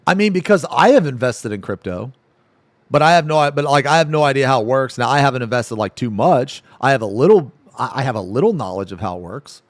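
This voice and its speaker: Male streamer chatting to chat, animated voice, dry close sound. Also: mid-range voice, a little fast, dry recording. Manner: rambling, filler-heavy, talks to chat. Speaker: streamer reacting to videos. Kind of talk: casual live-stream chat.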